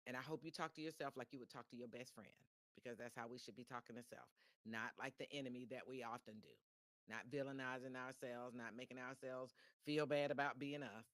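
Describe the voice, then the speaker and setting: A woman's voice: a bass voice, brisk, no echo. A woman hosts a motivational live-stream podcast. She talks chattily, circles back on her phrases and restarts often. Her voice sounds dry and close, with little room sound. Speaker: podcast host.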